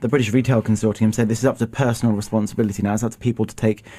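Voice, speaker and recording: A man's voice: lowish voice, steady tone, mellow. A man hosting a radio debate, introducing guests and asking probing questions. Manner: probing, brisk. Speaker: radio host.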